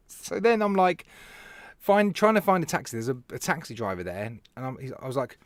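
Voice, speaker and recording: A British man chats casually to his live-stream viewers, his voice sitting a little high and swinging up and down as he tells his stories. He laughs often and calls out to people by name. The sound is dry, with no room echo. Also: sing-song, moderate pace. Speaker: live show host, vape reviewer.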